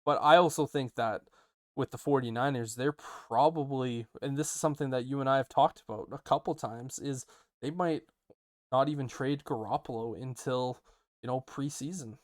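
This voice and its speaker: A man co-hosting a casual sports podcast, animated and quick to ask questions. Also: mid-range voice, dry recording, clean studio sound. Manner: animated, self-interrupting, asks questions. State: hiccuping. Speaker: podcast co-host.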